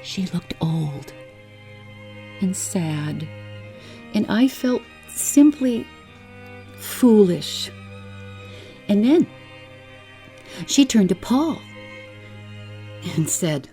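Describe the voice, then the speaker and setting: A woman reading a bedtime story aloud in a soft, soothing, unhurried way. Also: mid-range voice, big pitch swings, faint music behind.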